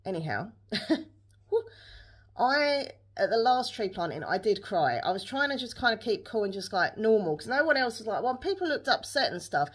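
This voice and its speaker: A woman's voice: medium pitch, very animated, normal speed, husky. A young woman, chatting casually to camera in a rambling day-in-the-life vlog, full of fillers and restarts. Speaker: vlogger.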